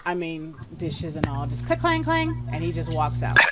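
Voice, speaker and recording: A woman's voice: low-pitched, sing-song, moderate pace. A woman, narrating a tabletop game as game master in a chatty way. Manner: chatty, with lots of fillers. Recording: noisy home recording.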